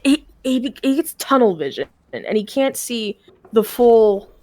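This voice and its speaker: A woman's voice: on the high side, very animated, unhurried, a little mellow, no echo. A young woman chatting on her stream as she tells a long story from her life. She rambles and swears freely, restarting sentences as she goes. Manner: rambling, profane, with frequent restarts. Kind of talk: casual storytelling chat.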